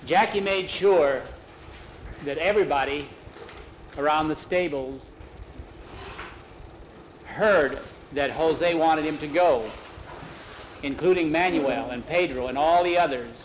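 A man's voice: on the high side, takes it slowly, long pauses. Folksy male storyteller, lo-fi recording. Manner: folksy, conversational, with accented character voices. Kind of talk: oral storytelling with voiced dialogue. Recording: dull lo-fi recording with faint vehicle noise.

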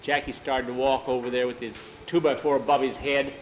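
A man's voice: medium pitch, level tone, a little fast, reverberant, muffled recording, slight background noise. Man telling a spooky story. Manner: repeats "he says" between quotes. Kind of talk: oral storytelling.

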